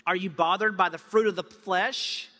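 A male pastor preaching a sermon with passion, dropping to hushed tones and then building up loud. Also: high-pitched, fairly even intonation, normal speed. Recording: long hall reverb.

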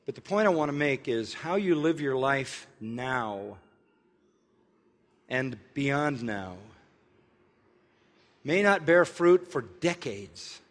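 An older man preaching a sermon, telling a personal story in an earnest way and slowly spelling words out letter by letter. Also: medium pitch, big-room sound. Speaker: pastor.

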